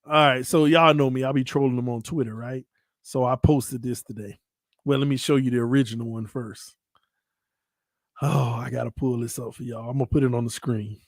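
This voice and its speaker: A man hosting a sports fan channel, talking in a casual, animated, teasing way and breaking into loud excited hollering. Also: mid-range voice, normal speed, no room sound, studio quality. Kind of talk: casual fan commentary vlog.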